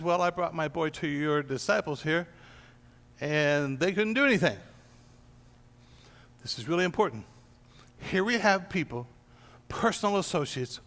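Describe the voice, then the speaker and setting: In a church room, a pastor teaches a small gathering informally, recounting a Bible story and performing the quoted lines. The man's voice is a little high and somewhat bright, and long hall reverb fills the recording.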